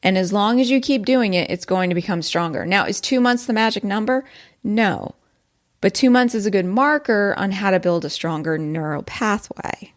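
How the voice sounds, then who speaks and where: A woman's voice: mid-range voice, animated, moderate pace. A woman hosting a solo safety podcast, talking casually and animatedly and often checking in with "right?". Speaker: podcast host, safety professional.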